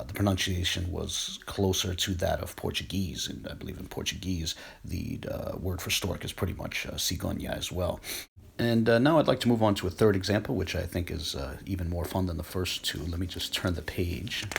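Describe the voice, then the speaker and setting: A man giving a casual spoken lesson on old word pronunciations, pausing often with fillers and restarts. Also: sits low, creaky, a bit bright, husky. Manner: hesitant, many uh fillers and restarts. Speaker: channel host explaining texts. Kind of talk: casual educational talk.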